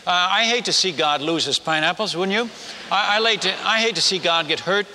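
A man preaching a storytelling sermon as a missionary, halting and self-mocking, often stumbling and repeating his words. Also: sits high, sharp tone, big-room sound, a little hiss or hum.

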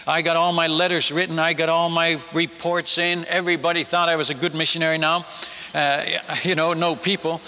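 Folksy missionary telling tales in a hall. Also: male voice, on the high side, brisk, a little hiss or hum. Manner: folksy, animated storyteller, chuckles at his own tales. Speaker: missionary speaker. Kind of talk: humorous story told to a congregation. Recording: long reverb of a large hall.

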